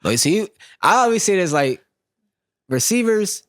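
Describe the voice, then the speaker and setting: A man's voice: high-pitched, very animated, dry recording, clean studio sound. A young man co-hosting a podcast in casual chat, cutting in often and restarting his sentences. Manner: quick, interjecting, restarts and overlaps. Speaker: podcast co-host.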